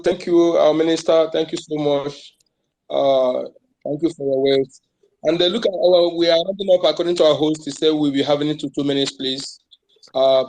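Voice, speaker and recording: A man's voice: a little high, darkish tone, rough recording. A man moderating an online call, hesitant, with many fillers and repeated words.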